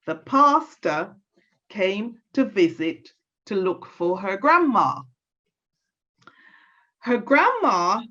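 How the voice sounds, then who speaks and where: Lively woman telling a folk tale. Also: medium pitch. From Caribbean. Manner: expressive, drawn-out storytelling. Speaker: storyteller. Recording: dull lo-fi recording.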